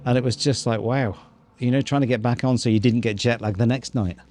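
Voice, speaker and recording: A man tells a story to his co-host in a relaxed vlog chat. He slips into other people's voices as he quotes them and lets the odd swear word drop. The sound is dry and close. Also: medium pitch, brisk, dry recording. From New Zealand. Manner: animated storyteller acting out quotes; swears casually.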